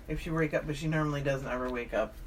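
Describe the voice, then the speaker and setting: A woman's voice: low-pitched, fast talker, very noisy. A young woman giving orders to friends at home, bossy and swearing. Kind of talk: casual chat among friends. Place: home, indoors.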